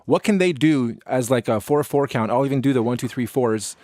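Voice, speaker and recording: A man's voice: mid-range voice, brisk, darkish tone, no echo, clean studio sound. A man co-hosting a singing lesson, asking questions and setting exercises for listeners. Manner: asks questions and gives exercises. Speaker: co-host of a vocal course. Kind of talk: instructional chat.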